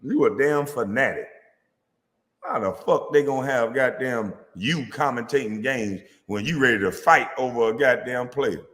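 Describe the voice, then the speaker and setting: A man's voice: medium pitch, normal speed, a bit bright. Man, furious, profane, confrontational rant, reverberant sound. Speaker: former basketball player responding to critics. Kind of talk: angry rant.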